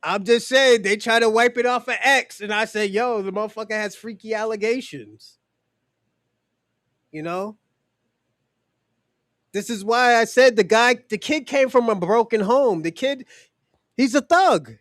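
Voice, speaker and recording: A man's voice: very high-pitched, a little slow, fairly bright tone, no room sound, studio quality. A man hosting a podcast who gives blunt, profane opinions in casual talk and speaks straight to his co-hosts. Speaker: podcast host.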